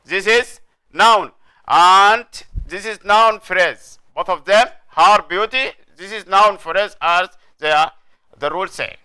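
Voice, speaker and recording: A man's voice: sits high, sharp tone, clean tone. A middle-aged man from Sudan teaching an English grammar lesson, repeating phrases and checking that students follow. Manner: slow, repetitive, explanatory delivery with frequent checks for understanding.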